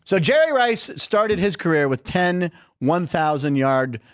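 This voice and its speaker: A middle-aged man hosts a sports talk show, spinning stories and ribbing his co-host in a loose, joking way. His voice sits a little high and swings widely in pitch. The sound is dry, with no room echo. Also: measured pace, clear, resonant tone. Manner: chatty, jokey, animated storytelling.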